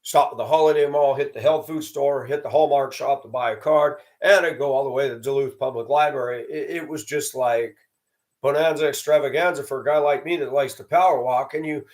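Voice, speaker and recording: Speaking briskly in a darkish, mid-range voice, a Southern American man rants to his channel's audience. He's sarcastic and judgmental, repeating himself for emphasis.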